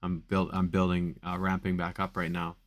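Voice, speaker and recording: A man's voice: sits low, completely flat delivery, moderate pace. A man coaching on back pain in a live Q&A stream, talking casually with many fillers and repeated phrases for emphasis.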